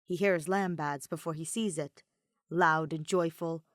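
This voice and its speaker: A woman narrating fan fiction as an audiobook, in a measured, reflective read. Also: sits low, fairly even intonation, no echo, clean studio sound. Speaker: podfic reader.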